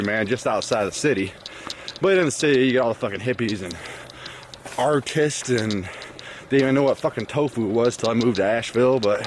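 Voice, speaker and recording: A man's voice: medium pitch, a little hiss or hum. A man in his thirties from the US Midwest talks with a loose Southern drawl that slips into a Northern accent. He rambles crudely and jokes as he hikes a wooded trail, talking into a phone camera. Faint outdoor ambience sits behind his voice. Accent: mixed Southern drawl and Northern US. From Michigan, US Midwest. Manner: crude, swearing, joking, rambling. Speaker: thru-hiker vlogger. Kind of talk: casual profane trail monologue. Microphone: phone camera on trekking pole.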